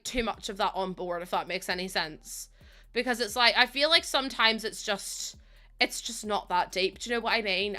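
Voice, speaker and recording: A woman's voice: medium pitch, pushed and bright. A young adult woman live streaming, chatting casually with her viewers in a giggly, gushing and emotional way.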